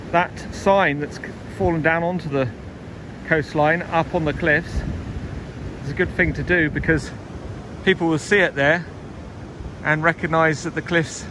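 A man giving a relaxed, explanatory walking commentary while fossil hunting outdoors on a beach. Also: fairly high pitch. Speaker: fossil hunter vlogger. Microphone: camera mic, wind noise. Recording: wind noise on an outdoor mic.

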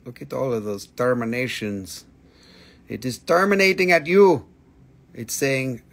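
This livestream host sells minerals while clowning around and cursing frequently in lighthearted banter. His medium-pitched voice is a little slow, creaky, and a bit bright.

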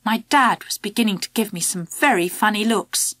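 A woman narrating a children's audiobook in the first person, in a lively storytelling manner. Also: mid-range voice, moderate pace, few pauses, no echo.

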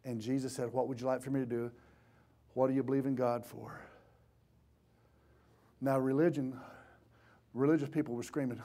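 A man preaching a sermon in a church, swinging from impassioned shouting to hushed tones. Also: medium pitch, little pitch movement, normal speed, pauses often. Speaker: pastor.

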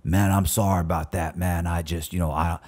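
A man's voice: low voice, fairly even intonation, fairly quick, darkish tone, pitched below the performer's own voice. A man voicing a huge, volatile male cellmate who repeats threats in an agitated way. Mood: apologetic.

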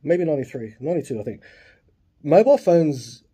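A husky Australian man in his late forties spins a rambling story, with plenty of swearing and side remarks. His voice is very dark and mellow. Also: fairly high pitch, expressive, a little fast. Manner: swears freely, lots of asides and fillers. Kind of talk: casual storytelling.

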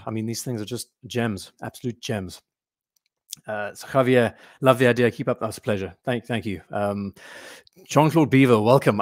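A man's voice: mid-range voice, dry recording, clean studio sound. A man hosting a casual live stream, rambling and reading viewer comments aloud.

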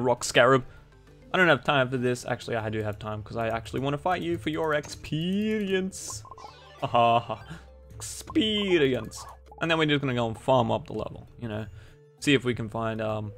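A man playing a video game and chatting to his viewers in a goofy, joking way. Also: mid-range voice. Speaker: gaming YouTuber. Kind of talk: casual let's-play commentary. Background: faint game music.

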